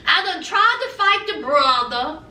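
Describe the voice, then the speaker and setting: Woman, high bright voice, sassy TV-recap gossip, roomy far-off mic sound. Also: expressive, unhurried. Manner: sassy, gossipy, acts out the cast's lines. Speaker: recap vlogger. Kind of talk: casual TV recap commentary. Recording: echoey room, mic at a distance.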